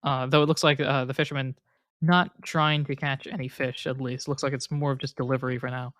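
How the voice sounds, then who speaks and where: A man's voice: medium pitch, little pitch movement, brisk, a bit bright, no room sound, studio quality. A man narrating as game master, rambling and hesitant with many fillers.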